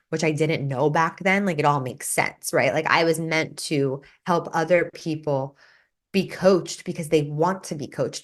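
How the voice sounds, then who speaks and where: A woman life coach and podcast host who teaches in a casual, earnest way, with lots of "like" and "right?". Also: sits low. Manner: earnest and conversational, full of "like" and "right?".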